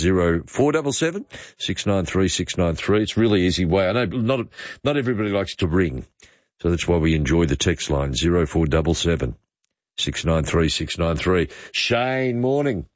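Deep-voiced Australian radio host. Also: male voice, no echo, muffled recording. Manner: relaxed, unhurried, frequent uh fillers. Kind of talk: talkback radio chat.

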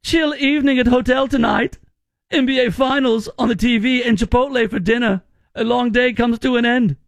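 A man's voice: extremely high pitch, fairly even intonation, normal speed, creaky, dry recording, voice pushed up. A man putting on a mock German accent to voice an upbeat, awestruck German tourist. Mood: cheerful. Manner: exaggerated, upbeat.

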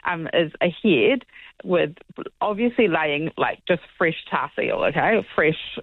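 A woman's voice: sits low, animated, takes it slowly, slightly rough, no echo. A woman comes through a narrow phone line in a dry, close recording. She tells her story with animation and takes on the voices of the people in it as she goes. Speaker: caller. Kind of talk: casual phone chat.

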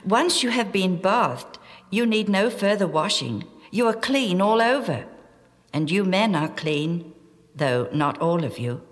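A woman reading a calm, gentle teacher. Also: medium pitch, long reverb tail, close to an everyday voice. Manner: calm, measured.

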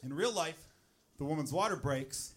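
A man's voice: fairly high pitch, expressive, moderate pace, fairly bright tone. A man doing a stand-up set with crude, exasperated storytelling. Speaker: stand-up comedian.

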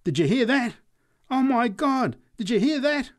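A man doing a loud excitable drunk. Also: high-pitched, normal speed, pitched above the performer's own voice, full character voice. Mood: incredulous. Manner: loud, excitable, slurring exclamations. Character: laughing male drunk in a street crowd.

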